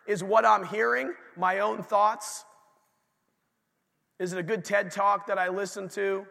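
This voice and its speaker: A middle-aged man preaching a sermon in a church sanctuary, animated and acting out dialogue, with sudden quiet asides. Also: sits high, creaky, in a large hall. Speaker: pastor.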